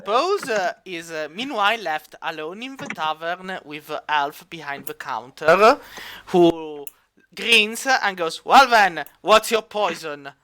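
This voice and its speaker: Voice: medium pitch, lively intonation, takes it slowly, sharp tone, a little hiss or hum. A game master narrating a tabletop game, with many fillers and restarts.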